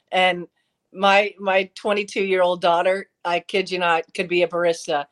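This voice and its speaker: Middle-aged woman telling lively anecdotes. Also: fairly low pitch. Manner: storytelling, lively anecdotes with quoted dialogue. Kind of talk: casual chat.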